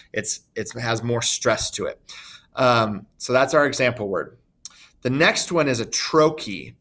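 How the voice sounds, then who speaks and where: A man's voice: medium pitch, fairly bright tone. Casual male teacher explaining poetic meter. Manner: informal, thinks aloud, many fillers and self-corrections; sounds out stressed syllables slowly to demonstrate. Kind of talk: recorded poetry lesson.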